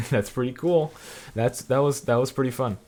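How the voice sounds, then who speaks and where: A man's voice: mid-range voice, measured pace, a little mellow, a little hiss or hum. A man hosting and casually commentating a game tournament, chuckling often and trailing off into fillers. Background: background music.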